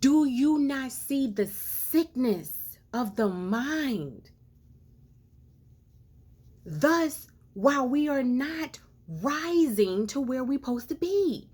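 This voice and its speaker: A woman's voice: high voice, sing-song, extremely slow, darkish tone, breathy edge. A woman giving an impassioned monologue to camera, earnest and preachy, piling up rhetorical questions and stretching out words for emphasis. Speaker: social commentator.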